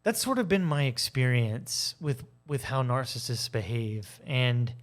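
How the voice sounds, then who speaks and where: A man speaking a little slowly at medium pitch shares a casual personal monologue as a video essayist. Candid and animated, he acts out arguments in changing voices, with occasional swearing.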